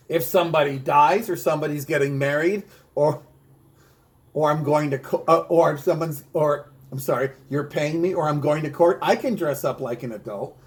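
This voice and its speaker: A man's voice: a little high, normal speed, poor audio. A man rehearsing a stand-up comedy bit, with punchy delivery and a repeated catchphrase. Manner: bilingual.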